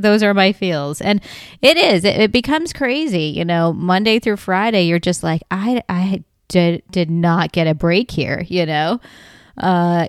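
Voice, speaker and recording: A woman's voice: medium pitch, clear, resonant tone, no room sound, studio quality. A woman hosting a comedy podcast, talking in a chatty, exasperated way and laughing often. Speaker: podcast host. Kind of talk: casual comedic monologue.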